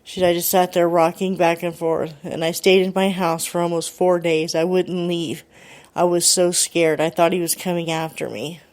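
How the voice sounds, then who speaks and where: A woman's voice: lowish voice, fairly even intonation, moderate pace, darkish tone. A woman radio host retelling a listener's ghost story, quoting her line by line in a chatty way. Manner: chatty, quotes the caller line by line.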